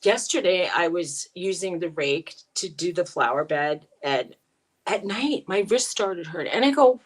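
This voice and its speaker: A middle-aged woman hosting a casual live-stream chat with a friend, talking in a chatty, animated way. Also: lowish voice, unhurried, low-quality recording. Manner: chatty and animated, swears and laughs easily. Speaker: channel host.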